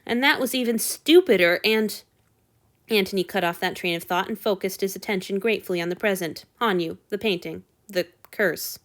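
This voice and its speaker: A woman reading fan fiction aloud with expressive storytelling narration. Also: medium pitch, moderate pace. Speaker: audiobook reader.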